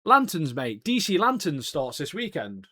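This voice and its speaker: A man's voice: a little high, wildly swooping pitch, normal speed, sharp tone. A young man, co-hosting a podcast in casual chat, laddish and calling everyone mate. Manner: laddish, swears, says "mate" a lot. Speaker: podcast co-host.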